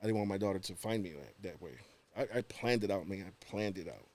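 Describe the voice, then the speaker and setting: A man, a podcast guest telling a personal story in casual chat, animated and acting out the voices of the people in it. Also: low-pitched, fast.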